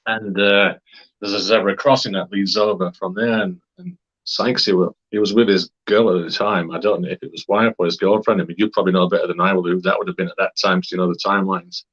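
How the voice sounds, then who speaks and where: A man's voice: low-pitched, fast, a bit bright, highs cut off. A man from Wakefield, England, telling a story in a casual, rambling way, with many fillers and hesitations. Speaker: interviewee.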